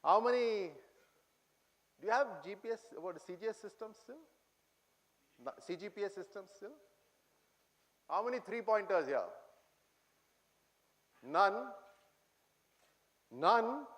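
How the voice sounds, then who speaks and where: His voice is high-pitched and expressive, at normal speed with frequent pauses. A middle-aged man with an Indian English accent, he is a guest speaker telling cadets in an auditorium humorous anecdotes and quizzing them.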